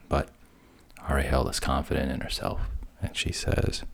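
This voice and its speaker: A man retelling a fairy tale as a hushed, breathy whispered role-play. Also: a bass voice, monotone, unhurried. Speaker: storyteller.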